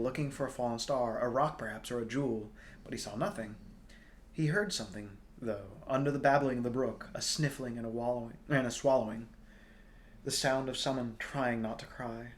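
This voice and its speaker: A man reading a novel aloud, unhurried, with small slips he corrects and the odd throat clearing. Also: mid-range voice. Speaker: storybook reader.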